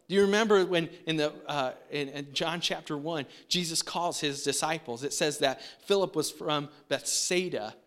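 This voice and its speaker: Bright-voiced casual preacher man. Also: sits high. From United States. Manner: casual, chatty, sprinkles in "like" and "right?". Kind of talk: conversational sermon.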